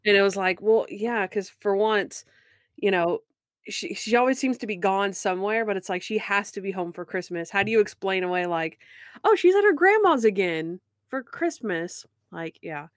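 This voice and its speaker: A woman in casual chat, recapping a TV episode with lively retellings of scenes. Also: medium pitch, moderate pace, clean tone, no room sound, studio quality. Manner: animated retelling with quoted voices.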